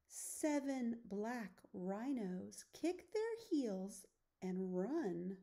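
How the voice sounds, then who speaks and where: Woman teacher reading a kids' picture book, super slow, mellow and hushed. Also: fairly high pitch, lively intonation. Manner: slow, soft storytelling, often hushed. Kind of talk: children's picture-book read-aloud.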